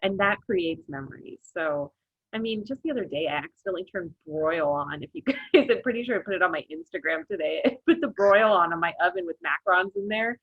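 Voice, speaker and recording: A woman guest baker chatting casually on a podcast, upbeat and quick to laugh. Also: lowish voice, animated, slightly rough, no echo. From Arizona, USA. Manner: bubbly, laughs often. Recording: dull lo-fi sound.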